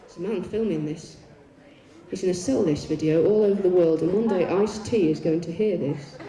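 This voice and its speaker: A woman telling bawdy, swearing stories on a concert stage, with deadpan comic asides. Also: lowish voice, moderate pace, crowd noise. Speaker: poet performing on stage. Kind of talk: live stage storytelling. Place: large concert arena on stage. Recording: echoey arena heard from far off.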